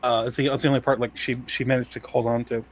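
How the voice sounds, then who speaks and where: A man co-hosting a podcast, chatting casually in a hesitant, halting way with many fillers. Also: medium pitch, little pitch movement. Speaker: podcast co-host. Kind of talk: casual chat.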